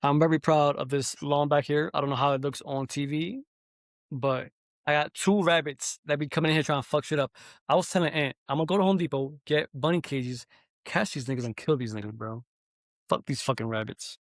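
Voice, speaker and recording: A young man hosting a podcast, telling an animated, profanity-heavy story in casual chat. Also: a little high, a little fast, no room sound. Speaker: podcast host.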